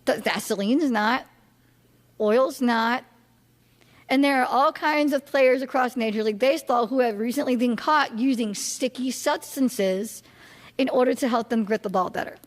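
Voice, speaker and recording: Chatty high-voiced woman lecturing. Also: normal speed. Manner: chatty, many fillers and restarts, asks the audience questions. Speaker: political science instructor. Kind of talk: casual classroom lecture. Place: classroom or lecture hall. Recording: long hall reverb.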